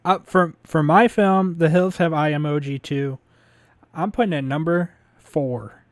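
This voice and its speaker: Joking, loose man co-hosting remotely, slightly high voice, dry close sound. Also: measured pace, dry recording. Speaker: podcast co-host. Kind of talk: casual chat over a call. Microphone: remote call mic.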